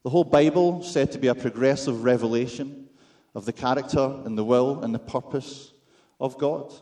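A man's voice: mid-range voice, moderate pace, dark tone. Scottish guy giving a sermon, dry jokes at his own expense, keeps asking the room questions. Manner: wry, self-deprecating humor with rhetorical questions. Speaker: preacher.

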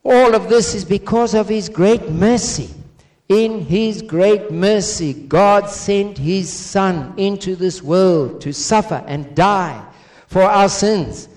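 A man preaches an emphatic sermon in a high-sitting, expressive voice with a darkish tone. He builds through repeated phrases and rising stress points, then turns slow and measured when reading prayer.

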